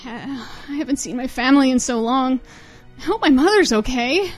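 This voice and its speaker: A woman's voice: high-pitched, lively intonation, normal speed, soft background music. A woman playing a frightened young mother. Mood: pleading. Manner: pleading, anxious. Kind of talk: comedic parody dub.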